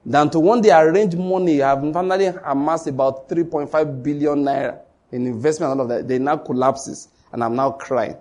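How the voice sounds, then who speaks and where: Speaking straight to his congregation, this Nigerian-accented pastor delivers a sermon full of emphasis and repetition. He talks at a moderate pace, with a somewhat high voice and a darkish tone.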